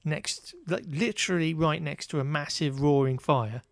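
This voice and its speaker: A man's voice: a little high, moderate pace, vocal fry, no room sound. Wry man recapping a film, dry sound. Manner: wry, exasperated recapping with frequent fillers. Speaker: podcast co-host. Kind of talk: casual chat reviewing a film.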